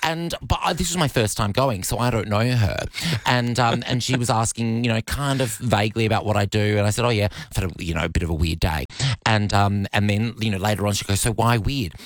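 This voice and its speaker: A man's voice: fairly low pitch, brisk, no echo. An Australian man co-hosting breakfast radio, telling stories in a chatty way with frequent laughs. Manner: chatty storyteller, laughs often, says others call his voice irritating. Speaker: radio co-host and voice actor. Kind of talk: casual breakfast radio chat. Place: radio studio.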